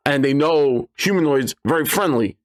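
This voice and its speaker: A man talking casually about running tabletop games, telling stories animatedly and jumping into high voices to quote his players. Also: expressive, moderate pace. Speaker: game master giving advice. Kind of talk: casual advice talk with anecdotes.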